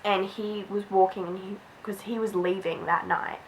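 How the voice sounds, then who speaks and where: A woman's voice: mid-range voice, fairly even intonation, normal speed, slight background noise, rough recording. A young woman vlogger chatting through a storytime, filling her talk with "like". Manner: chatty, lots of "like". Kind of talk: storytime vlog.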